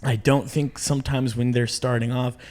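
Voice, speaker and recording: A man who is a stand-up comedian, chatting as a podcast guest, telling animated, profane stories and acting out what people said. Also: medium pitch, moderate pace. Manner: animated storyteller, profane, acts out quotes. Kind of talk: casual podcast chat.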